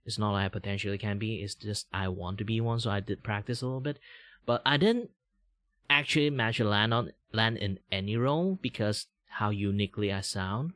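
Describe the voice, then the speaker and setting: A man in his thirties from Malaysia with a Malaysian English accent, chatting casually on a livestream in a rambling, meandering way with a deliberately raised tone. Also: lowish voice, fairly bright tone, no room sound. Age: 30s. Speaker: VTuber streamer.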